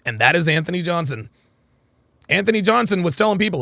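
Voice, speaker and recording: A hoarse male livestream host in casual commentary, rambling and repeating himself, swearing freely and reading out viewer comments. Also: high voice, big pitch swings, quick pace, pushed and bright, no echo, studio quality. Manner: reads out chat comments. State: hoarse, nearly lost voice.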